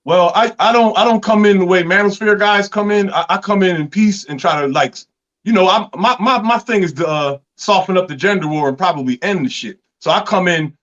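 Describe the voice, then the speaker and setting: A high-voiced man calls in and chats casually. He stammers and restarts, leaning on slang fillers. The call audio is dull and lo-fi. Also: a little fast, a bit bright. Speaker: caller.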